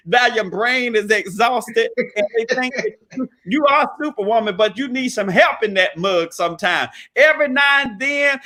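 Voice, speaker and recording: Man hosting a talk show, very high voice, bright ringing tone, exuberant, preachy, folksy. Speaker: host of a credit repair show. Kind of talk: lively talk show chat with preacher-style call and response.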